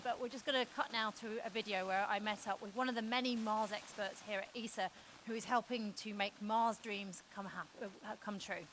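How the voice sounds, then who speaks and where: A woman's voice: mid-range voice, fairly bright tone, a little hiss or hum, poor audio. A woman presenting a live broadcast, upbeat and chatty as she guides viewers on a walk through a busy mission-control building.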